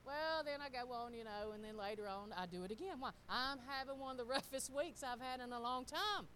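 Lively woman preaching casually. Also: on the high side, a little fast, a little hiss or hum, rough recording. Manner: animated, laughing, talks straight to the congregation. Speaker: pastor's wife. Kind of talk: casual sermon storytelling.

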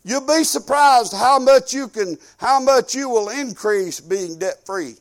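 A man's voice: very high voice, a little slow. An older man preaching a sermon in a folksy, conversational way that swells into emphatic bursts.

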